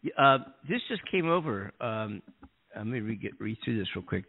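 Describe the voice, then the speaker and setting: Radio co-host, male, husky and gravelly, chuckles and thinks aloud. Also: mid-range voice, very animated, normal speed. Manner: chuckles often, thinks aloud while reading. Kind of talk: casual radio chat, reading news aloud. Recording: tinny phone-line sound.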